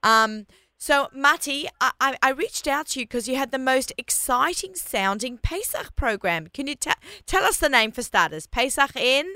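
A woman's voice: high-pitched, animated, pushed and bright, no room sound. Chatty Australian woman radio host. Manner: chatty, quick restarts and fillers. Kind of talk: casual radio chat.

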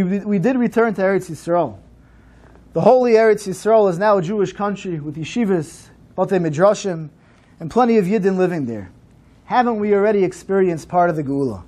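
A man's voice: high voice, darkish tone. A man giving an earnest storytelling address at a memorial program.

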